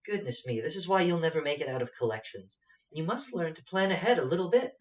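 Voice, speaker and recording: A man's voice: on the high side, sing-song, quick pace, reverberant, far from the mic. A man doing a bossy, condescending spirit woman.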